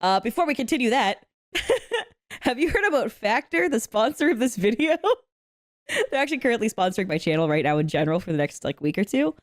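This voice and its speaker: A woman's voice: a little high, very animated, brisk, no room sound. A young woman streamer chatting casually with her viewers, giggly, playful and cheerfully profane, on a close desk mic. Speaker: streamer reacting to a video. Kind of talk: casual reaction chat.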